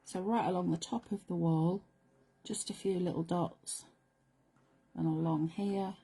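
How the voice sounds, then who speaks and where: A middle-aged woman presenting a live craft demonstration, chatty and playful, sometimes dropping to soft whispered asides as she works. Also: on the low side, steady tone, moderate pace, husky. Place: craft studio.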